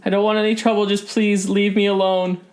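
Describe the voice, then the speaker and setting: A tearful young half-elf shopkeeper woman hiding from danger, her voice lifted high and anxious, as a man puts her on. She pleads to be left alone and frets about her family in a tabletop game. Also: little pitch movement, a little fast, darkish tone, lightly acted. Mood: pleading.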